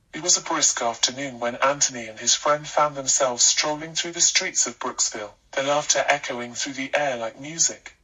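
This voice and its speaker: A man narrating a scripted life story with a steady, even storytelling delivery. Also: medium pitch, husky, recorded from a distance, rough recording.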